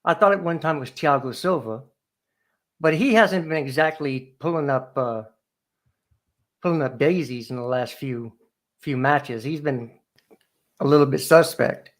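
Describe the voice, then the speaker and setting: A man's voice: on the high side, measured pace, pauses often. A man as a guest fan on a call, talking in a deflated, hesitant way with many fillers after a match. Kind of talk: casual post-match chat.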